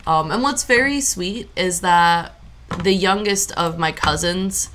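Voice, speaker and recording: Chatty young woman streamer, lower voice. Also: slow, fairly bright tone, slight background noise. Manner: chatty and rambling, lots of fillers. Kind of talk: casual chat while streaming a farming game.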